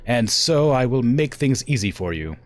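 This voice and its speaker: A man's voice: mid-range voice, big pitch swings, moderate pace, faint music behind, pitched above the performer's own voice, close to an everyday voice. A man reading a proud, ruthless young woman mech warrior aloud from a game in an English accent, defiant and clipped. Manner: fierce, defiant, clipped threats.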